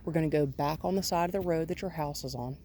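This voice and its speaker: Low-voiced woman dog trainer outdoors. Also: fast talker. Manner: calm, coaxing, keeps praising the dog between explanations. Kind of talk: instructional walk-along narration. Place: outdoors on a residential road. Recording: outdoor noise in the background.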